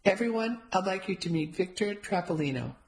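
A woman's voice: medium pitch, animated, brisk, pitched above the performer's own voice, natural voice. A woman voicing a proud, self-absorbed father who boasts and makes showy introductions.

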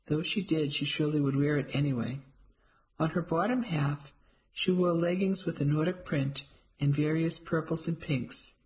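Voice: medium pitch, darkish tone, rough recording. A narrator reading a cozy mystery aloud in the first person, with a light, wry delivery.

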